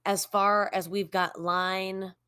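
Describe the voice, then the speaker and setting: A woman's voice: medium pitch, level tone, slow, sharp tone, clear, resonant tone. A woman playing a tabletop game, asking lots of curious questions about the action. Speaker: player.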